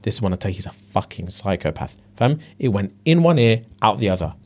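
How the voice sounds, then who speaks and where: A man's voice: on the low side, sing-song, a little fast, a little mellow. A young man, a podcast co-host recounting a story in slangy casual chat, swearing freely.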